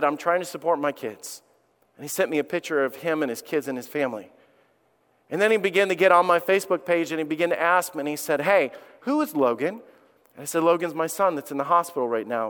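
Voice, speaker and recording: A middle-aged man, a pastor, preaching a sermon and telling a personal story in an earnest way that rises to loud, emphatic peaks. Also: on the high side, animated, quick pace. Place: church sanctuary. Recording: long reverb of a large hall.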